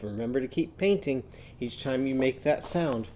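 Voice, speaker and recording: A man teaching a phonics lesson to young children, chanting slowly and gently prompting them to join in. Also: medium pitch, lively intonation, slight background noise. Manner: slow call-and-response chanting.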